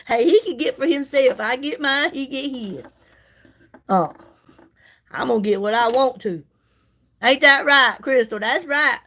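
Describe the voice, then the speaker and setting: Unhurried, with long pauses, a middle-aged woman speaks in a slightly bright, highish voice; the rough recording carries a little hiss or hum. She does her makeup while selling products on a livestream, chatting sassily and folksily and greeting viewers by name.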